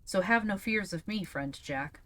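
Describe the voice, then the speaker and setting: A meek, polite young boy from a storybook, voiced by a woman. He sounds tired and speaks softly and respectfully. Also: medium pitch, expressive, normal speed, lightly acted.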